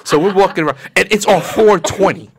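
A man's voice: sits high, brisk, background noise. A man from the Bronx telling a funny story in casual chat, acting out other people's voices and laughing often. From the Bronx, New York.

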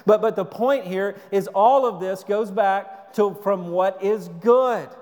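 A man preaching a sermon as a pastor, earnest, repeating words and dropping to a soft low voice for emphasis. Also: slow, long reverb tail.

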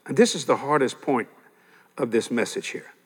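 An older man preaching a sermon, telling stories in a lively way with frequent chuckles and repeating his key points. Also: medium pitch, moderate pace, husky. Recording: long hall reverb.

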